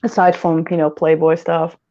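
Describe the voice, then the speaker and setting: A woman's voice: deep voice, level tone, moderate pace, mellow, highs cut off, slight background noise. A woman hosting a casual livestream chat, rambling and giggling often as she talks. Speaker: host.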